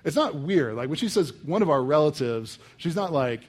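A young man from the United States preaching a sermon in a casual, animated way, full of "like" and "um". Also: fairly high pitch, normal speed. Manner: casual and animated, many fillers like "like" and "um". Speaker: pastor. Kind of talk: conversational sermon.

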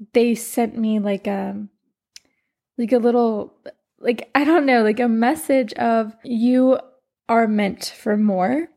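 Gravelly-voiced woman telling a personal story. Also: on the high side, mellow. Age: 20s. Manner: rambling, heavy on "like", emotional and earnest. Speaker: podcast host and life coach.

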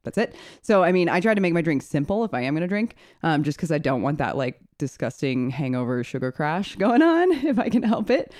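A woman's voice: sits low, sing-song, fairly quick, hardly any pauses, a little mellow, no room sound, studio quality. A woman co-hosting a podcast in casual, chatty talk with many fillers. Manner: chatty, filler-heavy, laughs easily. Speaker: podcast co-host.

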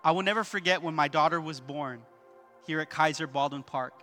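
A man's voice: fairly high pitch, a little fast, bright, forceful tone, faint music behind. A male pastor preaching a sermon at a church service, emphatic, repeating key points and calling out to the congregation.

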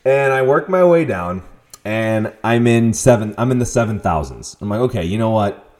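A young man hosting a podcast, telling a story in a casual, profane monologue with sudden loud outbursts. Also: on the low side, animated, normal speed. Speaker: podcast host.

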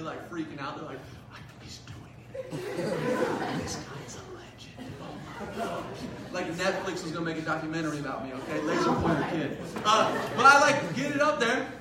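A young man giving a sermon as a youth pastor, telling a funny school story in an animated way with lots of "like". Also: high-pitched, noisy background. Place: large hall. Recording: echoey hall, mic at a distance.

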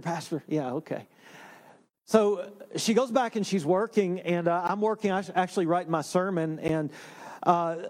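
A man, a pastor, preaching a sermon in a relaxed storytelling way with self-deprecating humor. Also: high-pitched. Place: church sanctuary.

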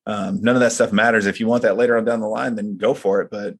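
A man's voice: lowish voice, fairly even intonation, quick pace. A man who leads a men's group, talking in casual chat and telling personal stories in an earnest, reflective way.

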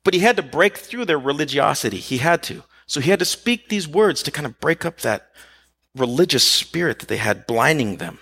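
A man preaching a conversational sermon, animated, asking rhetorical questions and acting out quotes. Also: a little high, normal speed, creaky, husky.

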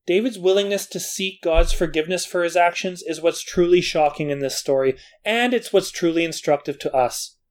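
A man's voice: sits high, normal speed, hardly any pauses. Earnest man teaching from the Bible. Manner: earnest, with self-deprecating asides. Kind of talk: scripted Bible study narration.

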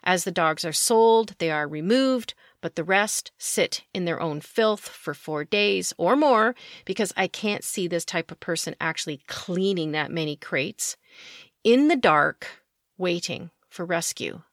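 A woman's voice: fairly low pitch, expressive, measured pace, no echo, clean studio sound. A woman hosting her own podcast, delivering opinionated commentary with indignant, sarcastic asides and emphatic outbursts. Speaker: podcast host.

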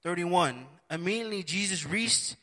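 Man preaching, high voice, bright tone, earnest, repeats and restarts phrases. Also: animated. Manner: repetitive, earnest, halting restarts. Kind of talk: sermon.

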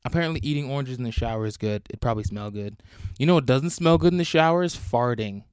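Young guy rambling on his podcast, crude jokes, middle pitch, no room echo. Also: animated, quick pace, a little mellow, clear, resonant tone, clean studio sound. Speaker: podcast host. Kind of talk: solo casual chat.

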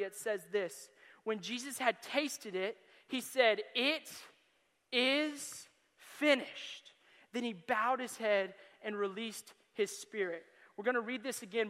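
A young adult man preaching as a youth pastor, telling stories with animation and bursting into loud excited quotes. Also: very high voice. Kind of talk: sermon. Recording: long hall reverb.

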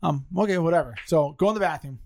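A man with a fairly high voice talks fast as he co-hosts a podcast, recorded dry at studio quality. Chatting casually with friends, he tells a funny story in an animated way, laughing as it unfolds.

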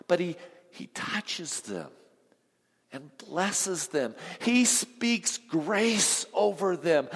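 A male pastor preaching a sermon, swinging from emphatic lines to hushed ones and quizzing the congregation. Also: sits high. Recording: long reverb of a large hall.

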